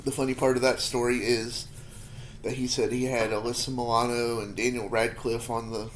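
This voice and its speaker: There's slight background noise as this man, in his thirties, answers viewer questions at a moderate pace in a medium pitch that barely moves. He rambles and runs himself down while eating hot peppers, occasionally with a full mouth and feeling the spice.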